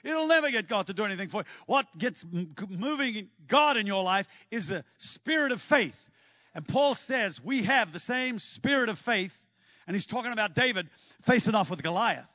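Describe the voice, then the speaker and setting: A man preaching a sermon in an animated, joking way, breaking into shouts. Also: sits high, moderate pace, no echo, highs cut off. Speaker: pastor.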